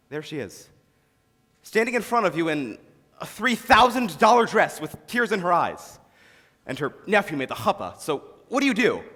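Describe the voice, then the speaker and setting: A man's voice: high-pitched, exaggerated voice. A young man playing a wistful theatre-fan narrator. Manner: musing, confiding, suddenly excitable. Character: nostalgic male theatre fan narrating his favorite record. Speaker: narrator of a stage musical. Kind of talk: school stage musical acting. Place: large school auditorium. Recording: reverberant hall, distant stage sound.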